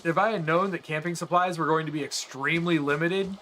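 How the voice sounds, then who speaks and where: A male streamer talks to his live chat as he plays, earnest and a little rambling, often restarting his sentences. His voice sits fairly high for a man. A faint hum of ambient noise stays under his voice. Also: fairly even intonation, a little fast, pushed and bright. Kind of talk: casual chat with live viewers while gaming.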